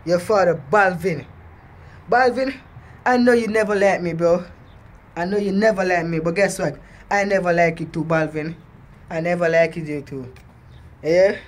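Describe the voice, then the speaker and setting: A man's voice: high voice, fairly even intonation, normal speed. A man rapping a diss track on his vlog and then taunting his target in boastful, repetitive jabs.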